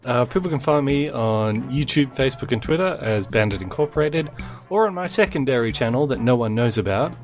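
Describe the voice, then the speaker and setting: A man's voice: medium pitch, expressive, fairly quick, faint music behind. A man guesting on a casual podcast chat, teasing and playful with the others.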